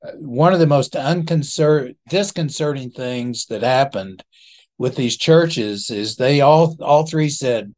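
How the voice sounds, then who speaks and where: A man in his seventies, a ministry founder, telling his story in an unhurried, chuckling, self-deprecating way. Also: medium pitch, darkish tone. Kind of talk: reminiscing storytelling in an interview.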